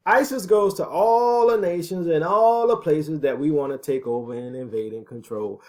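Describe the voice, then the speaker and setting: Emphatic man preaching with rhetorical questions. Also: medium pitch. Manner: emphatic, asks rhetorical questions, punctuates with "right?" and "okay". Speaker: ministry teacher. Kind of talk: preaching commentary on prophecy.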